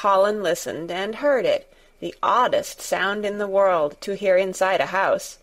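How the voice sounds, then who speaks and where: A woman narrating a storybook in a measured, gentle storytelling manner. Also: medium pitch.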